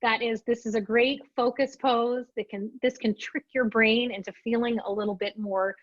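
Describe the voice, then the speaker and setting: Lively woman trainer on dull webinar audio. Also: fairly high pitch, moderate pace, no room sound. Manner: lively, expressive, acts out her own lines. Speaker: storytelling trainer presenting a webinar. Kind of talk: animated storytelling presentation.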